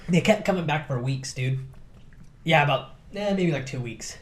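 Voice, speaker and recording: A young man hosting a podcast, telling stories in a casual, animated way, acting out quotes and laughing often. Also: fairly high pitch, moderate pace. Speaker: podcast host. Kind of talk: casual storytelling chat.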